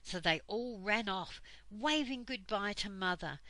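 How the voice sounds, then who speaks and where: Slow, bright older woman reading aloud. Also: mid-range voice, expressive, no room sound, rough recording. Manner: slow, gentle storytelling. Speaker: storyteller. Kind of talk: reading a children's book aloud.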